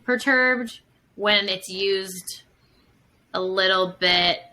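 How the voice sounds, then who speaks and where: A woman's voice: mid-range voice, very slow, sharp tone, poor audio. A woman psychotherapist talking casually as a podcast guest, full of fillers and acting out examples as she explains. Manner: chatty, many fillers, acts out examples.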